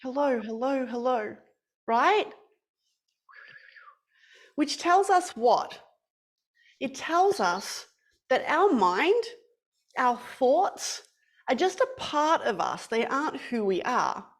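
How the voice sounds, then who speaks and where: A playful young woman with a bright, high voice, leading an online class for kids. She tells a story in a lively, sing-song way, the way a teacher talks to children on a webcam. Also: slow pace, long pauses.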